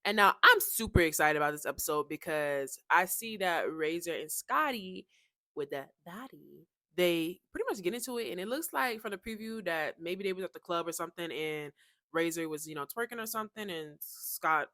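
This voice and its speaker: A woman's voice: on the low side, animated, a little fast, pushed and bright, no echo, studio quality. A woman hosting a reaction channel, chatting casually and recapping a show. She curses freely and acts out the quotes.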